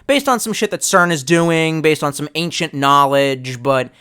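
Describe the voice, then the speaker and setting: A man's voice: a little high, normal speed, sharp tone, clean tone. A young man streaming live, chatting loosely and swearing a lot, trailing off and restarting as he reads chat. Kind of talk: rambling casual stream chat.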